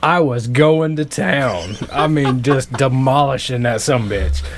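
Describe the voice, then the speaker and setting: A man's voice: medium pitch, slow pace, faint music behind. A young man co-hosting a podcast, telling crude stories with his friends and laughing often as he goes. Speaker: podcast co-host. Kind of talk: casual chat.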